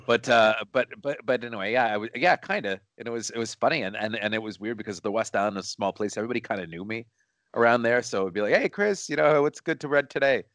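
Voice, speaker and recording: In a studio, a male co-host with a lowish, fairly bright voice talks quickly in a casual chat. He rambles through a story, repeating words and restarting sentences, and the recording is dry.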